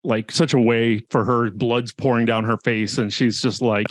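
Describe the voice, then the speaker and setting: A man's voice: medium pitch, steady tone, moderate pace, no room sound. A man co-hosting a casual podcast chat, talking in an enthusiastic, laid-back, joking way. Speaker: podcast co-host.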